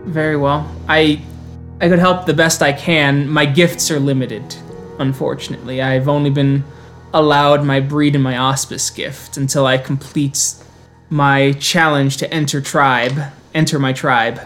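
A man's voice: on the high side, level tone, unhurried, fairly bright tone, faint music behind. A man voicing a hardened young South American teen who speaks formally and cryptically, with a thick Spanish accent. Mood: calm.

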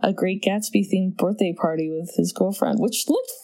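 A woman in casual conversation, retelling a film's scenes with lively bursts of character voices. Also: medium pitch, moderate pace, low-quality recording. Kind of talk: casual movie chat.

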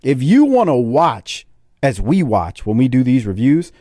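Casting: middle-aged Southern US man, podcast host, lively and expressive, with a dry, close sound. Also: mid-range voice, measured pace, dry recording. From Deep South, US. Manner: animated, laughing, repeats words. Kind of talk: casual wrestling review chat.

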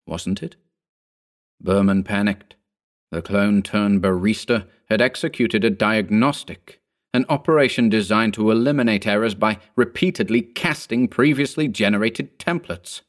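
A man reads his own story aloud in a measured, dryly wry manner. His voice sits on the lower side, steady through the long narrated passages. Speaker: narrator and author.

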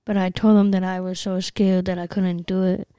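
A woman co-hosting a podcast in casual chat, hesitant with many pauses and ums. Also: on the low side, little pitch movement, dark tone, smooth, dry recording. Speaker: podcast co-host. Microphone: studio mic.

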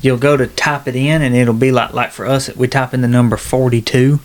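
Young man, rambling, casual, medium pitch. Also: fairly even intonation, a little fast. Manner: rambling, laughing, storytelling. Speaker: podcast co-host, son. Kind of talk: casual chat.

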